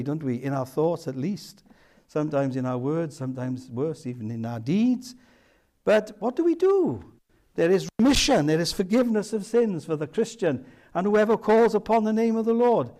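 Earnest older preacher. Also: male voice, high voice. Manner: earnest, drops to soft emphatic phrases, some restarts. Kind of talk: sermon.

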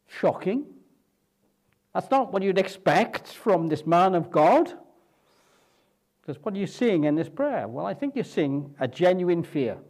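A man's voice: high voice, darkish tone. A man pastor preaching a sermon in a conversational way, often asking the congregation rhetorical questions.

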